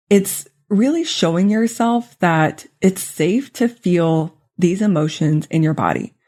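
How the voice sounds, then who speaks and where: A woman life coach hosting a solo podcast, speaking in a gentle, earnest, reassuring way and slowing down on key phrases. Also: lowish voice. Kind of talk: solo podcast teaching talk.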